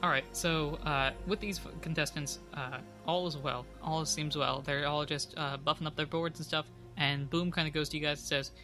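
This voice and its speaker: Male game master, casual podcast delivery, bright and slightly high voice. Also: steady tone, moderate pace, few pauses, soft background music. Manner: casual, loose, with fillers. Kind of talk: tabletop game narration and podcast outro.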